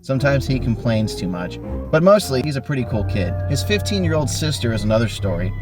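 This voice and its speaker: This man, hosting a podcast, narrates a gamebook with lively, theatrical flair while music plays underneath. He has a medium-pitched voice and talks a little fast.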